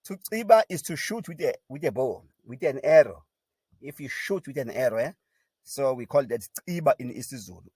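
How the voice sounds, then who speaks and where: A man teaching a pronunciation lesson, sounding out syllables one by one and repeating each word slowly and deliberately. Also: mid-range voice, animated, darkish tone, breathy edge, dry recording. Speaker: language teacher.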